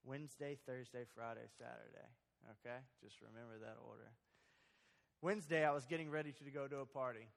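A man's voice: mid-range voice, brisk, creaky, long reverb tail. A young man giving a personal testimony in a church, talking casually with many ums and restarts. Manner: conversational, with many ums and restarts, acting out quoted lines. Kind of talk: storytelling testimony to a church audience. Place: church hall.

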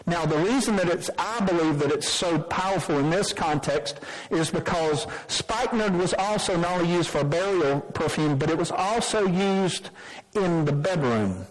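A man with a notably high-pitched voice delivers a sermon from the pulpit. He preaches emphatically, weaving scripture reading into his points and often restarting his sentences. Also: moderate pace, poor audio. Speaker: pastor.

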